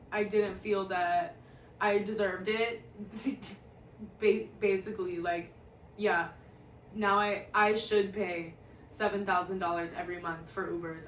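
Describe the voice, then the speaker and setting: A woman's voice: medium pitch, a bit bright, slight background noise. A woman telling a personal story in a casual, profane, blunt way, with lots of "like". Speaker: storyteller vlogger. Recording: echoey room, mic a bit far off.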